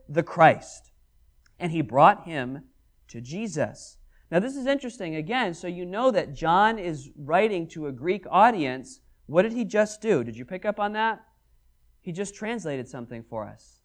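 A man preaching a Bible study sermon, reading verses aloud and acting out the dialogue in them. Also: high voice. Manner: animated, acts out scripture dialogue.

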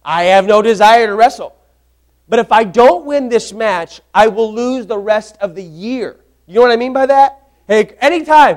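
High-voiced man preaching with swinging intensity. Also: moderate pace. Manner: animated preaching, swings from loud to hushed. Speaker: pastor. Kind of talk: sermon.

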